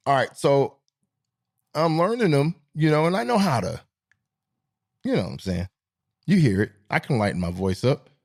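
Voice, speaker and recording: Animated rambling man with lively pitch. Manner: animated, rambling storyteller who laughs at his own jokes. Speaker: podcast host. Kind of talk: casual monologue.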